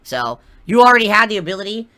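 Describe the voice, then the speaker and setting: Fast, bright-voiced defiant streamer. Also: mid-range voice, sing-song. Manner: defiant, dismissive. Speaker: streamer in clip. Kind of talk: live stream talk.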